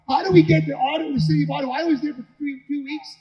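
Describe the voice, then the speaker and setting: A man's voice: very high voice, steady tone, racing, few pauses. A man giving an impassioned rally speech, firing off rhetorical questions and repeating words. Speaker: guest speaker at a rally. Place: indoor hall at a city hall. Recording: echoey hall, dull lo-fi sound.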